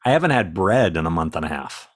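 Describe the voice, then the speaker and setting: A man co-hosting a casual live chat, telling stories in an animated way and laughing easily. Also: low-pitched, quick pace. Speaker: co-host.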